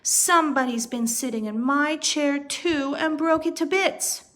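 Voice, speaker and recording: Woman as little bear cub, squeaky, eager, excitable, storybook. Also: measured pace. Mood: excited.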